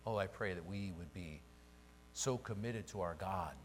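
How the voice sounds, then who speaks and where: A man's voice: low-pitched, moderate pace, a little hiss or hum. A man preaching a sermon to a congregation, emphatic and full of rhetorical questions. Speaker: pastor.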